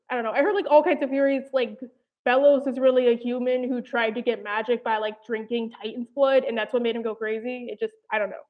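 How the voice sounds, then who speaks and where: A young New Jersey woman with a voice on the high side chats casually on a livestream for her animation commentary channel. She rambles and hesitates, leaning on "like" and "I don't know," slightly winded, and the audio sounds tinny and phone-like.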